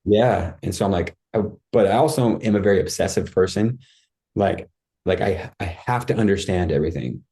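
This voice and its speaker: A podcast guest with a low voice and dark tone talks at a normal speed about his life. His account is casual and candid, rambling, with lots of fillers and restarts.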